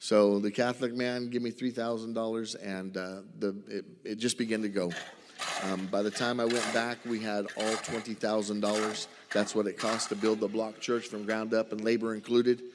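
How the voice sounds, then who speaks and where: A man's voice: lowish voice, flat delivery, moderate pace, noisy background. A male missionary with a Southern US accent, telling a folksy story to a church and acting out the conversations. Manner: folksy storytelling, acts out dialogue. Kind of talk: church mission report with slides. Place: church sanctuary. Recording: reverberant church hall.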